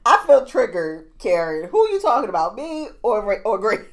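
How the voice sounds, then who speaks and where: A woman's voice: medium pitch, moderate pace. A woman co-hosting a podcast, chatting casually about TV and acting out scenes with lots of laughter. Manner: animated, laughing, acts out scenes from shows. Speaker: podcast co-host.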